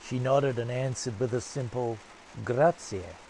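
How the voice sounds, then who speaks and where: A man narrating a novel as an audiobook in a steady, measured storytelling manner. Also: fairly low pitch, creaky, slight background noise.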